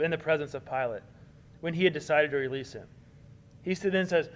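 A man preaching with earnest conviction. His voice sits a little high for a man. He presses hard on key points, then eases into a softer tone. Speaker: pastor. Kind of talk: sermon.

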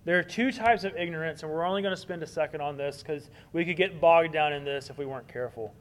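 A man preaching a sermon in an earnest way, building emphasis on key points and then softening. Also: a little high, fast. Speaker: pastor.

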